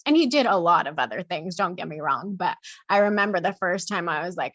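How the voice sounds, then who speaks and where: A woman guest on a podcast, speaking slowly and thoughtfully in a reflective interview. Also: medium pitch, lively intonation, no echo, lo-fi sound. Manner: slow, soft and thoughtful.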